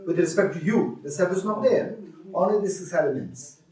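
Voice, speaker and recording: A man's voice: high voice, lively intonation, a little fast, darkish tone, far from the mic. Man teaching in an echoey hall. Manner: questioning, repeats himself, laughs with students. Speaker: Buddhist teacher. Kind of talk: dharma teaching with questions to students.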